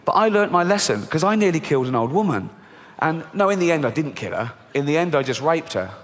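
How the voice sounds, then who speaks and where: A man's voice: quick pace, very noisy. A middle-aged English man performing a stand-up comedy set, telling stories bluntly and swearing often. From England. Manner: animated storytelling with squeaky high voices for children. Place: large theatre stage before an audience. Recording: live theatre recording with long hall reverb.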